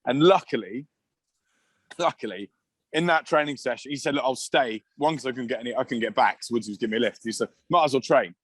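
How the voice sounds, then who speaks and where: A man from England, a podcast guest, telling loose, rowdy anecdotes at an average pitch. He swears freely and chuckles his way through the tales. The recording is dry and close, with no room sound. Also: fast, husky, dry recording. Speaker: podcast guest, former rugby player. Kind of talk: casual anecdotal storytelling.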